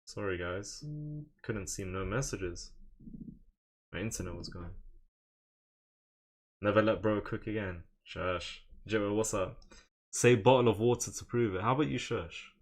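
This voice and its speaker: Low-voiced chess streamer. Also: male voice, steady tone, unhurried, long pauses. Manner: joking, boastful, reads out chat. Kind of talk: live stream chat.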